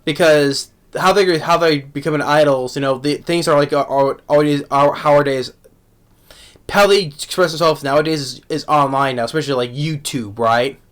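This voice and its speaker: A man giving a casual spoken anime review, halting with many restarts and repeated words, laughing often. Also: fairly high pitch, fairly bright tone. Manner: laughs often while talking.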